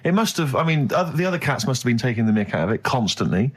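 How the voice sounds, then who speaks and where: A radio host who asks dry, mocking questions in studio banter. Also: male voice, medium pitch, very animated, fast talker, slightly rough. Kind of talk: casual radio chat.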